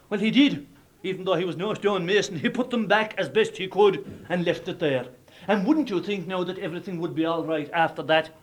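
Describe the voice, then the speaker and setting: A man with an Irish accent telling a traditional folk tale in a lively, dramatic way. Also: sits high, a little fast. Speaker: storyteller.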